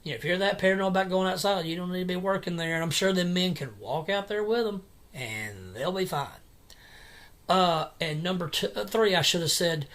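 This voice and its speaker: A man in an angry personal vlog rant at home at night, agitated and repetitive, with halting restarts. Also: high voice, a bit bright. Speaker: vlogger.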